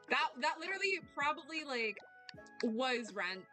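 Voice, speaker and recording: A woman's voice: fairly high pitch, moderate pace, bright, forceful tone. A woman streaming a video game, rambling and swearing casually, laughing and talking back to her chat. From United States. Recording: game music under the voice.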